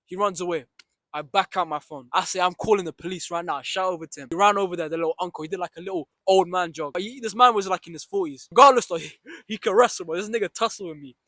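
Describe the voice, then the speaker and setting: Young man, high and bright, rapid storyteller who swears a lot and acts the scenes out. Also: no echo. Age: young adult. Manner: swears freely, retells with reenacted shouts and asides. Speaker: storyteller vlogger. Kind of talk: animated storytime monologue.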